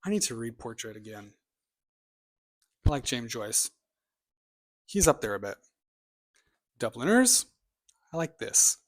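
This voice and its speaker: A man's voice: mid-range voice, sing-song, unhurried, long pauses. A man chats casually through his bookshelf in a mid-range voice. He is opinionated and rambling, tossing in offhand asides and sometimes dropping to a mutter for side remarks. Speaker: booktube vlogger.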